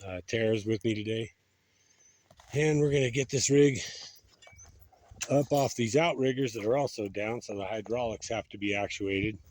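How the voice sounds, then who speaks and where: A man with a low-ish, slightly mellow voice vlogs outdoors next to a road. Winded, he rambles on as channel host, padding gaps with plenty of "uh" and "so."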